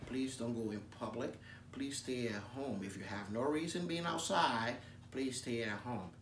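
A calm, earnest American pastor, as a man puts him on talks softly and slowly in a lower, hushed voice. The sound is roomy and comes from a distance, with faint background noise. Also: lightly acted. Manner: soft-spoken, slow, earnest. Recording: echoey room from a distance.

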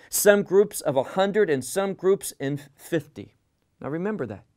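A man teaching verse by verse through a Bible passage, deliberate and emphatic, often repeating words for stress. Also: a little high, darkish tone.

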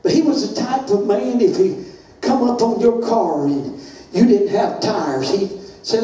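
An older man preaches a sermon in a remarkably high voice, drawing out every phrase at a very slow, deliberate pace. His delivery sways in a sing-song cadence and rises into fervent shouts. He sounds far from the mic in a cavernous, echoing church, with faint hiss underneath. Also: animated. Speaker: pastor. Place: church sanctuary.

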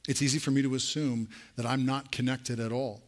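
A man's voice: fairly even intonation, brisk. Earnest man preaching a sermon. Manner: earnest, direct address to congregation; rising to an emphatic pitch near the end. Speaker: pastor. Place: church.

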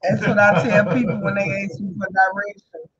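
A man's voice: sits high, little pitch movement, fairly quick, crowd noise. A man on a morning radio show, speaking in a mild, wry, self-deprecating way. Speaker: radio co-host. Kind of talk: casual morning radio banter. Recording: slightly muffled studio mic.

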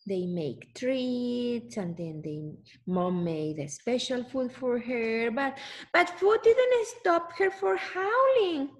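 Animated, high-voiced woman reading to kids. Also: slow pace. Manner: animated, exclaiming, asks the listener questions. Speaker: storyteller reading a picture book aloud. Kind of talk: children's read-aloud with questions to listeners.

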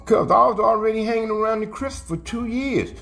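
A man's voice: sits high, a little fast, vocal fry, fairly bright tone, faint music behind. A middle-aged man, telling street stories in casual, profane, slang-heavy talk and acting out the quotes. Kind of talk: casual storytelling.

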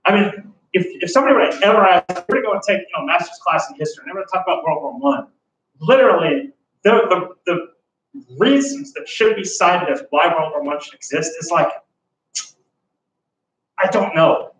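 A man's voice: sits high, expressive, fairly quick, a bit bright. A man teaching a history class in a casual, joking, enthusiastic lecture style, full of fillers. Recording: echoey room, voice from a distance.

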